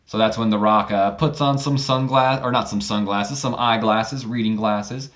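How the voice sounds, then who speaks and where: Rambling low-voiced gaming host. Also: male voice, fairly even intonation, normal speed, a bit bright. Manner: rambling, self-correcting. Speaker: let's play host. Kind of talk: casual game commentary.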